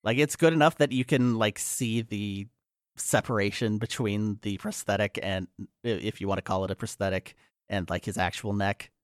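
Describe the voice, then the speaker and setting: A man's voice: lowish voice, fairly even intonation, moderate pace, no echo, clean studio sound. A man co-hosting a podcast, recapping a film scene by scene in casual chat, with frequent fillers and restarts. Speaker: podcast co-host.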